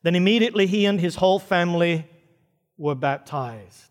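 A man's voice: sits high, lively intonation, normal speed. A man preaching a sermon, retelling a story with dramatic, varied pacing. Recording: reverberant church hall.

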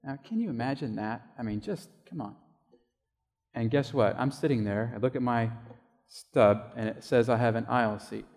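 Pastor telling a story in a reverberant hall. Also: male voice, mid-range voice, moderate pace, darkish tone. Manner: conversational storytelling, acting out quoted voices. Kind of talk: sermon with storytelling.

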